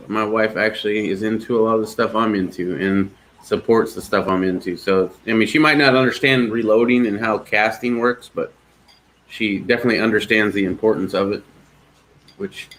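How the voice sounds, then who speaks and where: A man's voice: on the low side, steady tone, moderate pace, fairly bright tone, slight background noise. Joking man in easygoing banter. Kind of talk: casual chat.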